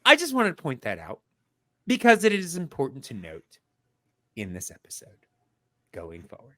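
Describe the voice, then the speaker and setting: A man on a podcast giving a casual mock lesson, talking slowly and explaining step by step with lots of fillers. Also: fairly high pitch, huge pitch swings, fairly bright tone. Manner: slow, explanatory, many fillers and restarts. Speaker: podcast co-host.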